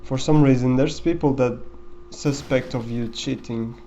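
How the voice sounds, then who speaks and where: A man's voice: mid-range voice, steady tone, a little slow, mellow, lo-fi sound, a little hiss or hum. A man giving casual, rambling commentary over a game run, with many fillers and restarts. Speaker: gameplay commentator.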